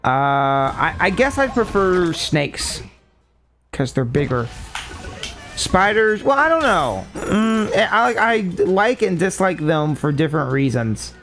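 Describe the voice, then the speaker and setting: A man's voice: sits high, sing-song, takes it slowly, a bit bright, soft background music. Rambling, self-mocking male streamer. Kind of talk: casual gaming stream chat.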